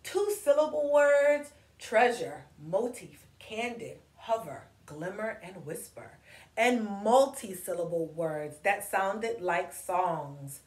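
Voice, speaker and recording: A woman reading a picture book aloud to children, slowly spelling out words and inviting them to clap syllables with her. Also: mid-range voice, expressive, distant mic. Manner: slow, encouraging, spells and claps words with kids. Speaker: storytime reader. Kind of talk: children's read-aloud lesson. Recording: echoey room with faint noise.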